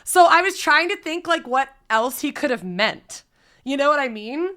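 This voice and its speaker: A woman streamer casually telling a story to her chat, animated and swearing freely. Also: high-pitched, normal speed. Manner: animated, swears freely, breaks into loud laughs.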